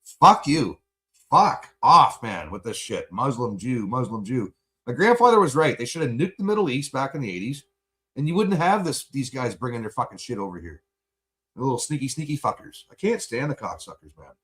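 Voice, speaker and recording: A man venting in a profane, angry livestream rant, buzzed and high. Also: big pitch swings, fairly quick, bright, forceful tone.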